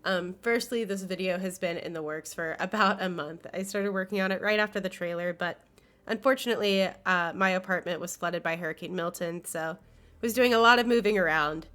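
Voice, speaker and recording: Hosting a scripted video essay while unwell, a young woman talks fairly quickly in a low, slightly bright voice. Congestion makes her sound nasal, and she stays earnest and enthusiastic, dropping in occasional fillers.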